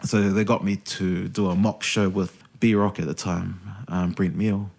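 A gravelly, low-voiced man talks a little slowly. He's a radio host in a casual interview, animatedly telling stories, swearing freely, and doing voices for the people he quotes.

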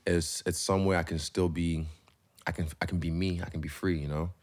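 A man's voice: low voice, steady tone, brisk, a little mellow. A man, a professional fighter, speaking as an interview guest in a loose, rambling, candid way and swearing freely. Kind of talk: candid casual conversation.

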